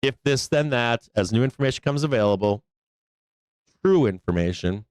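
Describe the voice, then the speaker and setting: Cussing trading streamer guy, chill and chatty, clean crisp voice, super dry mic. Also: mid-range voice, animated, normal speed, darkish tone, no echo. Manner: profane, casual, laughs often, talks to himself as viewers. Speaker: trading show host. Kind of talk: live market commentary stream.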